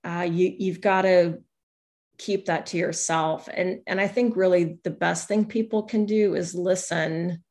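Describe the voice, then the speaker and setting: Reflective woman, slightly low voice. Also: steady tone, unhurried, a little mellow. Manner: reflective, often acts out what others said. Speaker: guest, newspaper columnist. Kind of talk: candid conversational interview.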